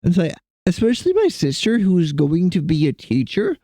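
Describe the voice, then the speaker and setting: A man's voice: high-pitched, huge pitch swings, moderate pace, mellow, no echo. Chatty young man streaming from home. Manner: rambling, joking, chatting to his cats. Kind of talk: casual live-stream chat. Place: home computer desk.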